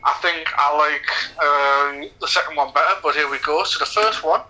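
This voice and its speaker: A man's voice: fairly high pitch, moderate pace, few pauses, sharp tone, poor audio. A man co-hosting a casual film commentary podcast, laughing often, swearing freely and rambling. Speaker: podcast co-host.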